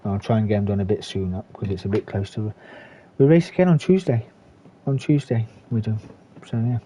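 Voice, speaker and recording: A man commentating a sim race and hosting the league, excitable and informal, calling the results. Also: fairly low pitch, a little fast, dull audio.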